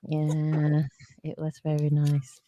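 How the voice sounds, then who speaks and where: A woman's voice: sits low, completely flat delivery, slow, mellow, a little hiss or hum. A woman with a South London accent hosting a casual radio panel chat, chatty and laughing, with stumbling restarts. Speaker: radio host.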